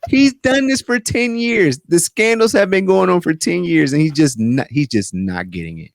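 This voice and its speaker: A male podcast co-host talks in loose, animated rambles, circling back and restarting his thoughts. His voice sits a little high for a man. The sound is dry and close, with no room around it. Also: normal speed, creaky, dry recording. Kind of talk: casual chat.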